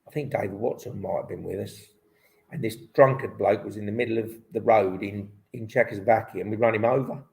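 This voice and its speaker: A man's voice: fairly low pitch, steady tone, brisk, gravelly, a little mellow, rough recording. A man in his fifties, a former motocross champion, telling stories as a guest in a live online interview in a rambling way full of restarts. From Britain. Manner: rambling, restarts often, lots of "um" and "like".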